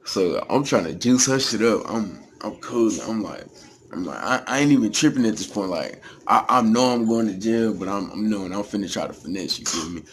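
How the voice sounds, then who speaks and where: A man's voice: lowish voice, lively intonation, a little fast, a little hiss or hum. A young man from Texas with a Texas accent, telling a story in a casual, slangy, profane way.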